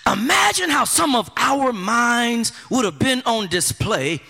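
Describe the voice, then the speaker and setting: Pastor man preaching, high lively voice, really bright, long echo from a big church. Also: measured pace, vocal fry, breathy edge. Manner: animated preaching with rhetorical repetition and colloquial asides. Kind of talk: sermon.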